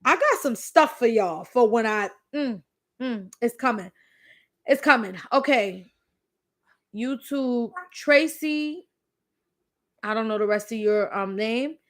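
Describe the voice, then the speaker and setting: A woman in her thirties with a slightly high voice hosts a casual live Q&A. She talks candidly and chattily and leans on emphatic repeats as she spins anecdotes. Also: takes it slowly, long pauses. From the Bronx, New York City. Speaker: host. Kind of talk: live Q&A chat with storytelling.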